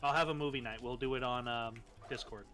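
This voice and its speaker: Young man chatting excitedly, swearing. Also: medium pitch, brisk. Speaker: co-host. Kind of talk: casual chat while streaming a game.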